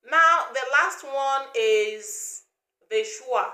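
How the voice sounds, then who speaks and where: A woman teaching English pronunciation, speaking slowly and deliberately and repeating each sound for learners to copy. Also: on the high side, animated, pushed and bright, reverberant.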